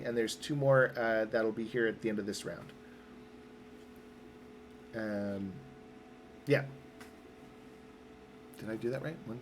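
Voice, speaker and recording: An upbeat man serving as game master for a tabletop roleplaying session. He walks the players through dice rolls and rules patiently, with an easy, encouraging manner, his voice sitting at a middling pitch for a man. A faint hiss of noise runs underneath. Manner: upbeat, explains rules step by step.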